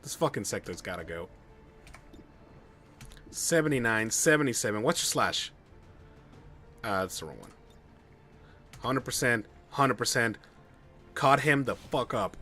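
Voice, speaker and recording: A man streaming a game live, commenting excitedly and swearing at bad luck. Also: mid-range voice, measured pace, long pauses, faint music behind. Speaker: gamer streaming a playthrough.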